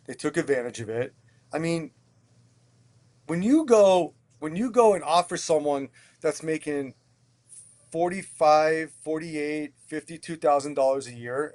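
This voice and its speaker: A restaurant owner from Pennsylvania talks through his story as a podcast guest. His voice sits a little high for a man. He is animated and blunt, swears casually, and trips over and repeats his words as he goes. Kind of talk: candid conversational storytelling.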